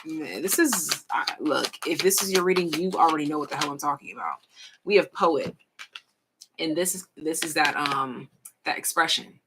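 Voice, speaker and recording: A young woman giving a casual pick-a-card tarot reading, frank and slangy, swearing freely and stretching out her pauses. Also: sits low, background noise. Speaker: tarot reader.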